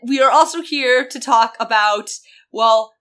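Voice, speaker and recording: A woman co-hosting a casual podcast. She is sarcastic and quick with comebacks. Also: a little high, a bit bright, clear, resonant tone. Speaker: podcast co-host. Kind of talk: casual chat.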